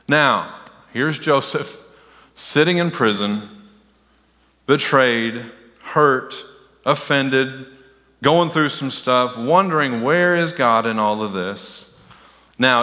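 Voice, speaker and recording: A man's voice: mid-range voice, sharp tone. A man preaching a sermon as pastor, talking in a conversational way and slipping into mocking voices. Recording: long hall reverb.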